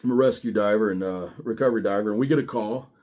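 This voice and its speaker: A middle-aged man, a former sheriff's deputy, telling his story in a blunt, profane and animated way. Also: fairly low pitch, quick pace. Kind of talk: casual storytelling monologue.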